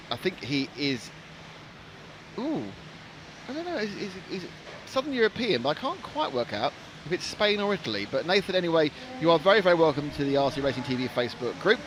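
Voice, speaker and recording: Chatty man, lively pitch. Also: moderate pace, slight background noise. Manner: chatty, jokey, rambling. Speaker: commentator. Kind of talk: casual live-stream commentary chat.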